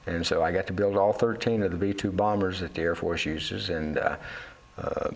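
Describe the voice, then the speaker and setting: A man's voice: sits low, moderate pace, gravelly. An older man, a Navy veteran and fishing captain, telling his life story candidly in an interview, full of fillers and restarts and acting out the voices of people in his stories. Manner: rambling, with many fillers and restarts.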